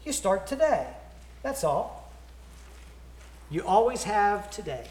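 A man's voice: high voice, sing-song, takes it slowly, a little mellow, echoey room. A man giving an earnest sermon invitation, repeating words as he tells a story. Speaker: preacher. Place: church.

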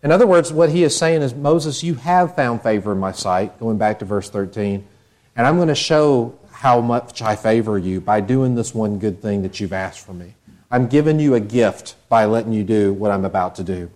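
A man's voice: on the low side, moderate pace, darkish tone. A man preaching a sermon, explaining scripture verse by verse and speaking God's words in an earnest voice. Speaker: pastor.

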